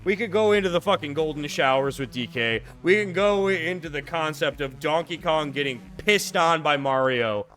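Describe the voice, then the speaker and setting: A man's voice: on the high side, expressive, normal speed, hardly any pauses, a bit bright. A young man streaming a game live, chatting casually, swearing a lot and laughing as he rants. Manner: profane, ranting, laughs often. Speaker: livestreamer.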